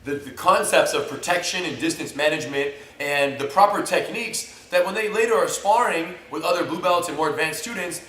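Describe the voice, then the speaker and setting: Brief: American male instructor, animated co-host, somewhat higher voice, recorded from a distance in a reverberant room. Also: brisk, few pauses. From United States. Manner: animated, jokey, acts out scenarios. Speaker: jiu-jitsu instructor, co-host. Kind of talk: casual instructional chat. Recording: echoey room, mic at a distance.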